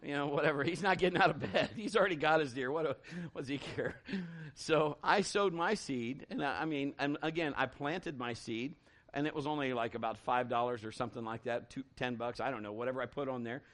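At medium pitch and a little fast, this middle-aged pastor tells a folksy story in his sermon. He delivers it with animation, lots of restarts, and acted-out lines.

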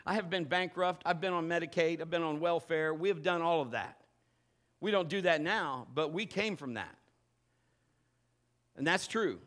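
A middle-aged man preaches to his congregation in a fairly high voice. He tells stories animatedly, jumping from loud exclamations to quiet asides. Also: normal speed, pauses often. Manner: animated storytelling, swinging between loud bursts and low asides. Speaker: pastor. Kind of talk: sermon. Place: church service.

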